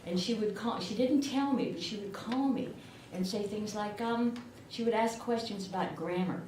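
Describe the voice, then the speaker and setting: A woman's voice: mid-range voice, normal speed, darkish tone. An older woman from southern Illinois, with a rural southern Illinois accent, giving a chatty, self-deprecating acceptance speech at a podium mic. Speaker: award recipient. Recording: echoey room from far off, background noise.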